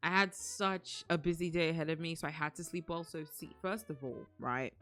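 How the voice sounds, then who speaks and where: A young woman streaming from home, chatting casually with her viewers, excitable and rambling, often breaking into gasps and laughs. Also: low voice, normal speed, faint music behind. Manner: rambling, restarts sentences. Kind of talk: casual live-stream chat.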